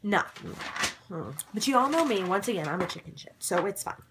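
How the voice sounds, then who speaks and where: A young woman casually recapping a TV episode to camera, animated and excitable, dropping into sudden dramatic whispers. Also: medium pitch, a little fast, background noise. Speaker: vlogger recapping a ghost-hunting show.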